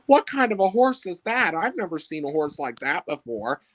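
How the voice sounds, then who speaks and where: A man's voice: high voice, very animated, moderate pace, fairly bright tone, no echo, clean studio sound, heavily acted. A man voicing a sweet, polite young girl who talks in an eager way.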